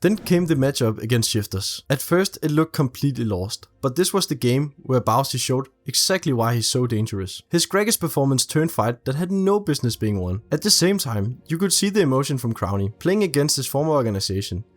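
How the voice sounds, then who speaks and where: A man's voice: mid-range voice, very animated, brisk, hardly any pauses, soft background music. A man narrating a scripted esports video essay, recapping a team's season. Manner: storytelling recap.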